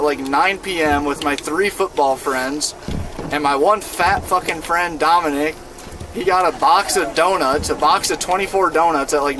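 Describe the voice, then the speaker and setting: Recorded in a van with a noisy background, the young man's voice sits on the high side. He's a twenty-something streamer from Iowa, USA, relaxed and foul-mouthed, rambling through a story full of fillers as he chats during a game.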